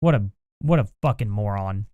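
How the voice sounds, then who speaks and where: A man's voice: fairly low pitch, animated, moderate pace, dark tone, no room sound, dull audio. A man hosting a live stream, reading chat aloud and answering it with combative, sarcastic, exasperated rants, plainly angry. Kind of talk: heated live-stream commentary.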